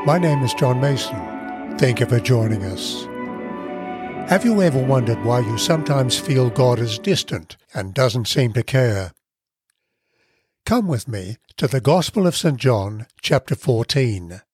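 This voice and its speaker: A man hosting a devotional podcast, teaching from the Bible in a measured, earnest way and stressing key words. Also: mid-range voice, animated, darkish tone, soft background music.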